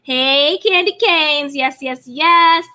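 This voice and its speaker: A woman's voice: sits high, slow pace, bright, forceful tone. A woman hosting a live stream, chatting about reality TV in a bubbly way and greeting viewers by name. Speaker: YouTube host. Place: California home.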